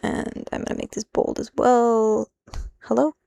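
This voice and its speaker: A woman with a gravelly, fry-tinged voice talks her way through a translation on a live stream. She rambles, cuts herself off mid-phrase and drops in bits of Japanese as she goes. The sound is dry and close. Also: fairly high pitch, steady tone, a little slow, mellow, no echo. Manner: rambling, self-interrupting, easily sidetracked. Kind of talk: live stream, thinking aloud while working.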